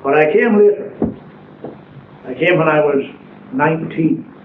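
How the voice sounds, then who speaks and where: An older man preaching and telling his own story in an earnest, deliberate way, recorded in a church. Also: on the high side, animated, a little hiss or hum. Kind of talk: sermon testimony. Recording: echoey lo-fi phone-band church recording from far off.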